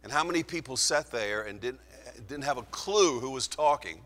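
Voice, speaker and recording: A man preaching a sermon in an earnest, emphatic way, slowing down to stress key phrases. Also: mid-range voice, expressive, a bit bright. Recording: long hall reverb.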